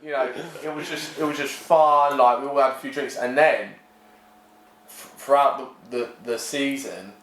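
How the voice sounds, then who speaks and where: A man's voice: mid-range voice, moderate pace, a crowd in the background. Guy, young, chatty anecdotes, voices the people in his stories, roomy sound. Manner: animated, acts out voices in anecdotes. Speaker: podcast guest. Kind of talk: casual storytelling chat. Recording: echoey room.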